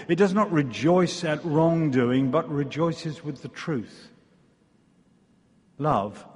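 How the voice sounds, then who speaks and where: A man with an English accent preaching a sermon, wry in his asides and slow and deliberate when he reads scripture. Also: medium pitch, a little mellow, slightly rough, in a large hall. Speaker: visiting preacher. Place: church.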